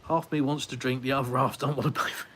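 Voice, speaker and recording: A man's voice: medium pitch, steady tone, fast, fairly bright tone. An English man hosting a casual live stream, answering viewer comments aloud as he walks around his house and out onto a windy terrace. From United Kingdom. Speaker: livestream host.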